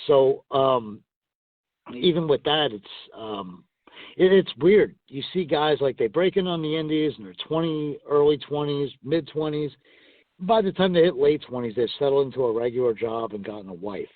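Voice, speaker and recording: A man's voice: medium pitch, moderate pace, dry recording. Rambling older man on a tinny phone line. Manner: rambling, chuckling anecdotes. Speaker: guest, retired pro wrestler. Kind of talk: casual phone interview storytelling.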